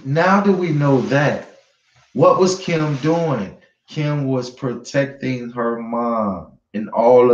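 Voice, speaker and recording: A man talks straight to his audience in casual, emphatic commentary, circling back to the same points again and again and swearing freely. His voice sits at an ordinary pitch. The sound is roomy and somewhat dull, like a lo-fi home recording. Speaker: online news commentator.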